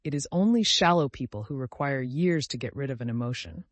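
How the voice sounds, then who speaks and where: A man's voice: medium pitch, animated, fairly quick, dry recording, lightly acted. A man reading the part of a young man who is cold, bored and self-absorbed, speaking in a languid, dismissive way.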